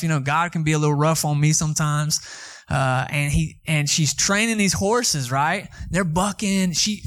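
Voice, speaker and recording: A young pastor from Atlanta delivers a sermon, slipping into casual stories. His voice sits a little high for a man, and he speaks in an animated, conversational way. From Atlanta, Georgia.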